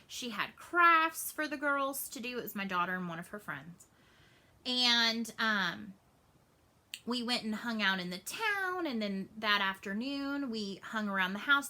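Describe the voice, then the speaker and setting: A woman, chatting casually in a cross-stitch vlog update and telling stories with lively asides. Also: on the high side. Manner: animated storytelling, acts out family voices.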